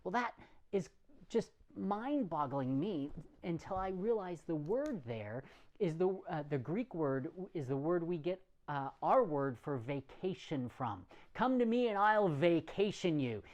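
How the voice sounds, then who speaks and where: Man, preacher, conversational sermon, relaxed, plain-spoken, self-deprecating. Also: a little high, unhurried.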